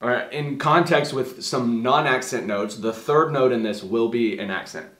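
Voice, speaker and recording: A young man talks through a tuba lesson in a middle-pitched voice, friendly and explanatory. Now and then he sings short note syllables to demonstrate. The room adds a noticeable echo. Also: normal speed, loud music behind the voice. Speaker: tuba teacher. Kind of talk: music lesson. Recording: roomy echo.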